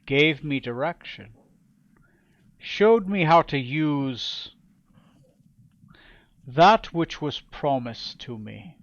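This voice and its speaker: A man voicing a ruthless, self-made male pirate king who speaks slowly and with menace. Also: a little high, lively intonation, no room sound, highs cut off, heavily acted. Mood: menacing.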